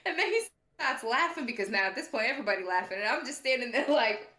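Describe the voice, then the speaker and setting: A woman's voice: a little high, big pitch swings, normal speed, pushed and bright, reverberant. A woman co-hosting a podcast, telling a story in a casual, sassy way and laughing often. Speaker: podcast co-host.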